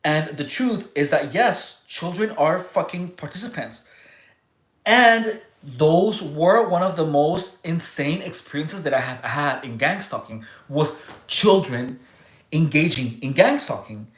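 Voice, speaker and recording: A livestream host talking casually and answering viewers' chat, rambling and halting, restarting sentences and searching for words. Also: mid-range voice, expressive, echoey room.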